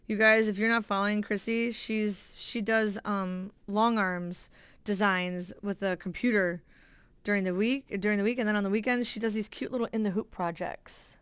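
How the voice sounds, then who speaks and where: A middle-aged woman hosting a casual quilting livestream, chatting excitedly with viewers as she sews. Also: mid-range voice, moderate pace, clear, resonant tone, no echo. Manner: bubbly, chatty, talks to viewers by name. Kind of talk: casual livestream chat while sewing.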